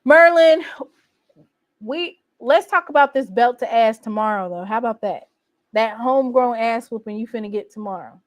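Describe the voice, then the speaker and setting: A woman with a fairly high voice gives a casual, boastful sports recap, teasing rival fans with animated outbursts. The sound is dry and close, with no room around her. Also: moderate pace, no echo. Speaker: college football fan vlogger. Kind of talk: casual trash-talking recap.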